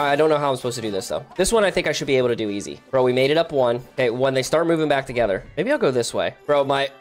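A young man giving casual, excitable commentary while playing a multiplayer game with friends, yelping and laughing at his mistakes. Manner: excitable, yelps high when frustrated, laughs often. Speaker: gaming YouTuber.

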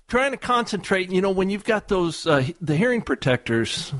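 Profane, high-voiced storytelling man. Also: moderate pace, dry recording, clean studio sound. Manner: profane, animated storyteller who laughs often. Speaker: radio co-host. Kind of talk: casual chat.

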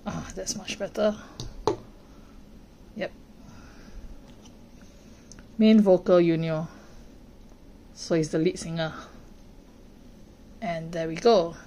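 A woman hosting a toy unboxing, gently narrating and reacting with delight to each figure as she unwraps it. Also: on the low side, fairly even intonation, takes it slowly, creaky, pauses often, a little hiss or hum. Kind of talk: unboxing narration, soft ASMR-like. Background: plastic crinkling and clicks from handling toys.

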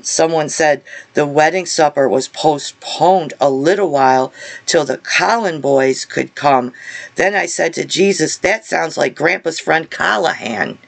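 A man recounts a vision in a slightly high, gravelly voice. He speaks with earnest feeling, stumbling and restarting his phrases as he goes. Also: a bit bright. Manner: halting, repeats and restarts words, earnest. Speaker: vlogger sharing a religious vision. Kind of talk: casual spoken testimony.

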